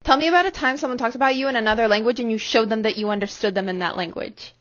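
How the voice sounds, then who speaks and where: A woman reads out a question in a quick, flat way. She speaks very fast in a slightly high voice. The recording is dull and lo-fi, with clear hiss behind her. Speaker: prompt asker. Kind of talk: reading a question.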